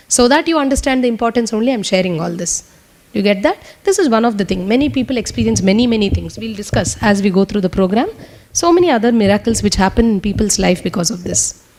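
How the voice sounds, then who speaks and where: A woman teaches a group, her voice sitting a little higher than most. She talks quickly and earnestly, like someone sharing a personal testimony with a full room. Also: a little mellow. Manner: talks fast. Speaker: spiritual teacher. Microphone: speaking to a room with translators.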